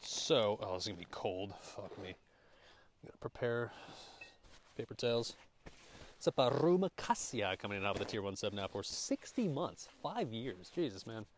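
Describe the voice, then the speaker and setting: A man's voice: on the low side, very animated, normal speed, a little hiss or hum. A young American man casually chatting and cooking at an outdoor campground, joking, swearing loosely and thanking his chat. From United States. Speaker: streamer.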